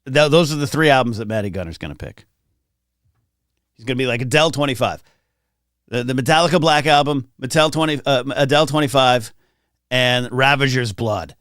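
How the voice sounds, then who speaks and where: A man's voice: mid-range voice, fairly quick, long pauses, fairly bright tone, dry recording, studio quality. A man hosting a casual morning livestream, rambling and reading viewer comments aloud from his home. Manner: chatty, rambling, reads chat aloud. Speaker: livestream host. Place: home, in California.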